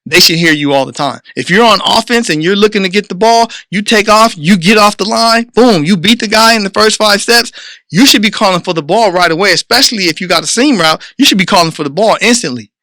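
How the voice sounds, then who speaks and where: An emphatic man with delivers a preachy, coach-style motivational monologue for his podcast. His voice sits high and sounds bright and sharp. The recording is dry and close, with no room sound. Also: a little fast, dry recording. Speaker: podcast host.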